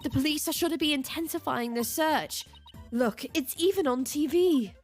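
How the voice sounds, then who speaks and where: A woman's voice: high-pitched, normal speed, soft background music, natural voice. Woman reading as an anxious young bride.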